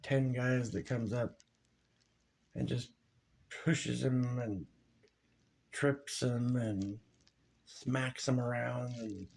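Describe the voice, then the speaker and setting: A man who has just woken up talks in a rambling, halting monologue, trailing off and sighing. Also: mid-range voice, gravelly, darkish tone. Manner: halting, rambling, full of fillers and sighs. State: drowsy, just woke up.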